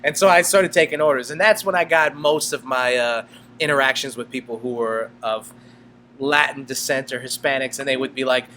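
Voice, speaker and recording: A man's voice: mid-range voice, brisk, slight background noise. A man co-hosting a casual podcast, telling stories with lots of laughter and acted-out voices. He grew up in South America. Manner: animated storyteller, laughs often, acts out customers. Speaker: podcast co-host. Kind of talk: casual chat, storytelling.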